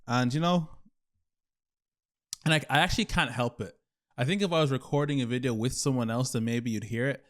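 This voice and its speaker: A man's voice: mid-range voice, brisk, long pauses. A man in his twenties, from Ireland, talking alone to the camera and thinking aloud in a rambling, self-questioning way. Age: 20s. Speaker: YouTuber. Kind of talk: solo reflective talk over gameplay.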